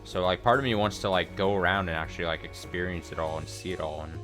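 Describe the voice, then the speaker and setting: A man's voice: low-pitched, fairly even intonation, fast, music in the background. A man in his thirties giving rambling, profane let's play commentary full of fillers and restarts. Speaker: streamer.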